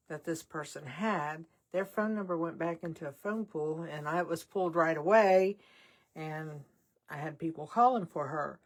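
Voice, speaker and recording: Older woman, card-making vlog host, chatty and rambling, a little low-pitched. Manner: chatty, rambling, self-deprecating asides. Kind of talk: casual crafting vlog chat.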